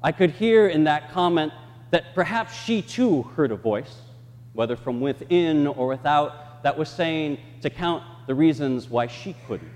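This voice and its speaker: A man preaches a sermon in a church, acting out the people and voices he quotes. His voice sits a little high and swings widely in pitch. A long reverb from the sanctuary trails each phrase. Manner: expressive, acts out quoted voices. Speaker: pastor.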